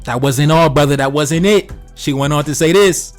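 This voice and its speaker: A man's voice: fairly high pitch, moderate pace, few pauses, soft background music. A young man doing casual commentary on social media posts, blunt and heated, swearing often and calling listeners "man" and "brother". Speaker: commentary channel host.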